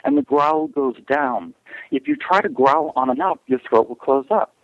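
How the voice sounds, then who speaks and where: Man, dog trainer, emphatic, animated, gravelly, dry phone-line sound. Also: fairly high pitch, normal speed, dry recording. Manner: emphatic, acts out voices in examples. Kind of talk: animated interview talk.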